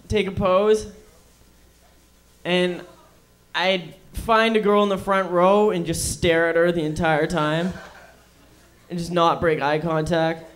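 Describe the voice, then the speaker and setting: A man's voice: high voice, a bit bright. A man performing a crude, rambling stand-up comedy set on a club stage.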